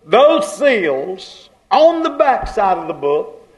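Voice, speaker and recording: A man preaching a sermon with fervor, swelling loud and then dropping to a hush. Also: sits high, sing-song, slow pace, rough recording.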